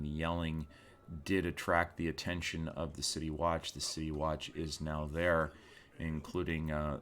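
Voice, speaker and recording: A man narrating a tabletop game as game master, relaxed and unhurried with frequent fillers. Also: extremely low pitch.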